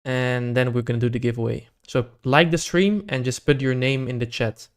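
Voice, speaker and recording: A man's voice: mid-range voice, steady tone, moderate pace, clean tone. A young man on a casual live stream, chatting to his viewers and reading out their names one by one. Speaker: livestreamer running a giveaway.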